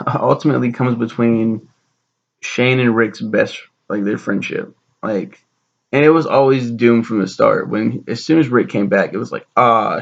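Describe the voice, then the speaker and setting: Young dude doing a sarcastic sweary show recap, raspy fry in his voice, kinda muffled lo-fi audio. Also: medium pitch. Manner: rambling, sarcastic, swears a lot, acts out characters' lines. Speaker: show reviewer. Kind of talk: casual profane recap.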